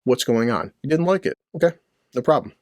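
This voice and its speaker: A man's voice: mid-range voice, animated, brisk, a little mellow, no echo. A middle-aged man rants about the news from his basement, blunt and crude, swearing freely. His voice sits in a middle range and sounds dry and close to the mic. He talks in rhetorical questions and short jabs. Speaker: commentary channel host. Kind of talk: profane ranting commentary. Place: home basement near a boiler.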